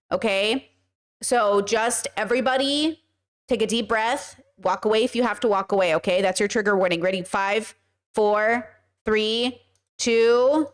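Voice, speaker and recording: A woman hosting a casual commentary stream, blunt and emphatic and swearing freely. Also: medium pitch. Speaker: podcast host.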